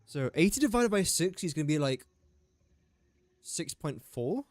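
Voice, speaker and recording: A man's voice: on the high side, very animated, measured pace, dry recording. A man chatting on a game live stream, thinking aloud through sums and joking with viewers. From England. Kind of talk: casual live-stream chat.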